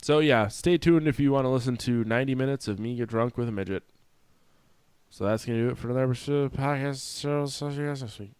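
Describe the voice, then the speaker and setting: A man's voice: mid-range voice, quick pace, darkish tone, smooth, no room sound. A man hosting a podcast in casual chat, rambling and swearing loosely as he wraps up the show. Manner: loose, profane, rambling asides. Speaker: podcast host.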